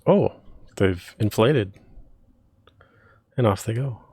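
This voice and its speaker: In casual let's play commentary on a retro adventure game, a man sounds dry, wry and hesitant, dropping many ums. His voice is lowish, expressive and husky with a darkish tone, and he speaks at a slow pace.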